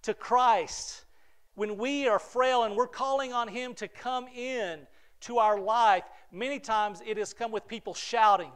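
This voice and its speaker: A middle-aged man preaching a sermon as pastor, earnest, often repeating words and dropping softly before building again. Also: extremely high pitch, a little slow, smooth. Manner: earnest, repeats words, drops to soft near-whispers then rises.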